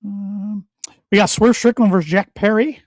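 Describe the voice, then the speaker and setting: A man's voice: high-pitched, steady tone, darkish tone, dry recording. Man chatting on a wrestling podcast, dry mic. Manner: halting, repeats words often. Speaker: podcast co-host. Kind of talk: casual wrestling podcast chat.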